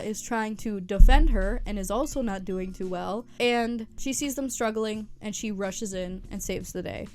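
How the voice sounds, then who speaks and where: A woman's voice: medium pitch, darkish tone. Giggly chatty woman recapping a story. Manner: playful, giggly, chatty asides. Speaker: recap host.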